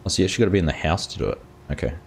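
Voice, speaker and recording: A man's voice: sits low, very fast, creaky, slight background noise. An Australian man hosting a live game stream, casually chatting and greeting viewers in chat by name as he plays. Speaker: gaming streamer host.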